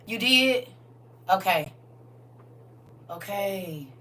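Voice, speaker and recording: A woman hosting a casual livestream chat with her viewers, swinging from soft murmurs to loud, excited exclamations. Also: medium pitch, extremely slow. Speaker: livestream host. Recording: distant mic with faint background hum.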